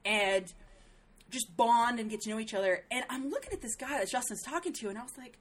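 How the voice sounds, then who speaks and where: A middle-aged woman telling a story in casual chat, animated and profane, jumping into a higher voice when she quotes people. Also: a little fast, slightly rough.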